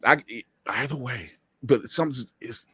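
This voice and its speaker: A man co-hosting a casual chat, animated, laughing often and acting out quotes. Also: mid-range voice, unhurried, husky, dry recording, clean studio sound. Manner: animated, laughs a lot, mock-quotes others.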